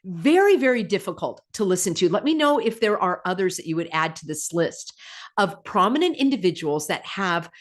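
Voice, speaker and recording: Sarcastic woman hosting a commentary vlog. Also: fairly quick. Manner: sarcastic, full of rhetorical questions, laughing asides; animated, pitch jumping up on mocking remarks. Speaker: channel host. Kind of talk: casual commentary, reading viewer comments.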